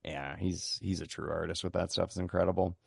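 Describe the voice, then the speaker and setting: A man's voice: sits low, steady tone, fairly quick, gravelly, darkish tone, breathy edge, no echo, studio quality. A man hosting a podcast, chatting casually about a film, laid-back, swearing freely and steering the talk along.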